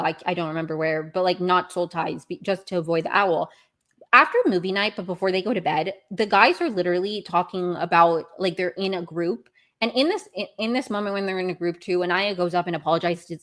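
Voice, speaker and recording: A young woman hosting a podcast, recapping a reality show in a rambling, self-correcting way, with exasperated outbursts. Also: on the low side. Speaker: podcast host.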